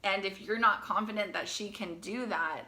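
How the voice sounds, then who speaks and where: Young woman, bright voice, chatty live coaching talk, repeats herself, asks "right?" a lot. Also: mid-range voice, moderate pace. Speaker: coach for teen girls. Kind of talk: live video talk to parents.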